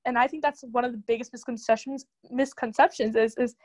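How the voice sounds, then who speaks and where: A young woman as the guest in a casual chat, talking quickly and animatedly with many "like" fillers. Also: on the high side, fairly even intonation, a little mellow.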